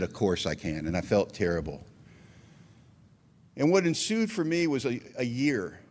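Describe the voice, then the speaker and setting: A man's voice: mid-range voice, a little mellow. Man telling his recovery story. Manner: conversational storytelling that acts out quoted dialogue. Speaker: recovery meeting speaker.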